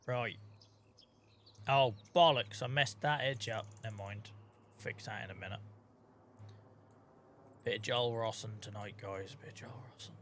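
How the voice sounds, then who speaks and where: A man with a Norfolk accent chats to viewers while playing a game on stream, swearing freely and greeting people by name. His voice is lowish and a bit bright, a little slow with frequent pauses, and he sounds tired and sore. There's slight background noise.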